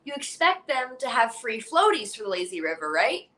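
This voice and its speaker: A young woman telling a story in casual chat, animated and laughing, acting out other people's lines. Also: fairly high pitch, normal speed, a little hiss or hum. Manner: animated, laughing, acts out quotes. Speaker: guest.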